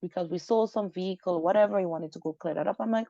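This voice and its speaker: A woman's voice: fairly low pitch, quick pace, gravelly, no echo. A woman guest recounting a personal story in an interview, animatedly acting out the dialogue. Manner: animated, acts out quoted dialogue. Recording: dull lo-fi dry recording.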